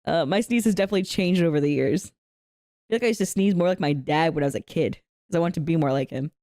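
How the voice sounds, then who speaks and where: A woman's voice: low-pitched, quick pace, a little mellow, no echo. A young woman streamer chatting casually with her viewers, giggly, playful and cheerfully profane, on a close desk mic. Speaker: streamer reacting to a video. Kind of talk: casual reaction chat.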